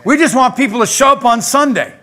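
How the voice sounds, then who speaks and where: A male pastor preaching a lively sermon in a church, talking straight to the congregation. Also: very high-pitched, brisk. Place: church sanctuary.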